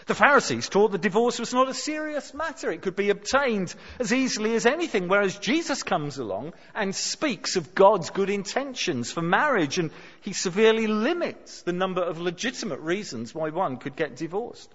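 A man preaching a sermon, emphatic and expressive, dropping his voice low for dramatic lines. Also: normal speed, few pauses. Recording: dull sound with long hall reverb.

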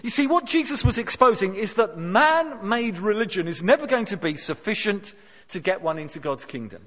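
A man preaching a sermon, emphatic and expressive, dropping his voice low for dramatic lines. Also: moderate pace. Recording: dull sound with long hall reverb.

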